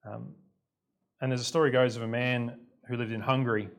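A man preaches at an everyday middle pitch. He talks through the lesson in a loose, conversational way, with restarts and asides against himself, and now and then he slips into the voices of the people in his stories. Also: level tone, brisk, vocal fry. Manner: conversational, self-deprecating, tells stories with quoted voices. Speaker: pastor. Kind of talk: sermon.

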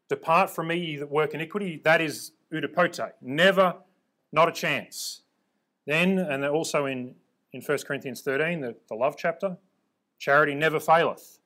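A man's voice: fairly high pitch, fairly bright tone. A man preaching and teaching from the Bible, emphatic, repeating words for stress and checking in with his listeners.

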